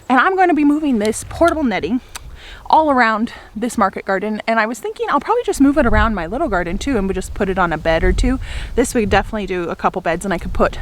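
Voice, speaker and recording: A young woman chatting casually to the camera outdoors in her flower garden, upbeat and laughing often. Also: on the high side. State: a little out of breath. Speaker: flower farmer and homesteader. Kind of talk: casual vlog talking to camera.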